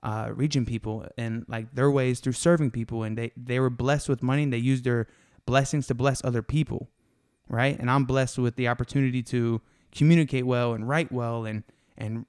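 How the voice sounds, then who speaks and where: A man's voice: medium pitch, fairly even intonation, brisk, a little mellow, smooth. A man hosting a casual faith podcast, talking in an earnest, confessional way, full of slang and emphatic asides. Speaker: podcast host.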